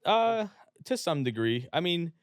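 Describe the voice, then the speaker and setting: Profane, animated man telling stories. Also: a little high, measured pace, no room sound. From West Virginia. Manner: profane, animated storyteller who acts out quotes. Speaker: guest, fitness influencer. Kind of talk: casual storytelling. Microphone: podcast studio microphone.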